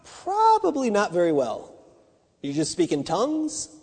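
Male bible teacher, high voice, chatty delivery full of restarts, long hall reverb. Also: wildly swooping pitch, a little slow, a little mellow, slightly rough. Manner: conversational, restarts and asides. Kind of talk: teaching sermon.

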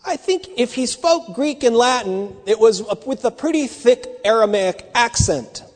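A man's voice: very high voice, animated, a little slow. A man giving a teaching sermon in a loose, conversational way, with restarts and asides. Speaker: bible teacher. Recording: long hall reverb.

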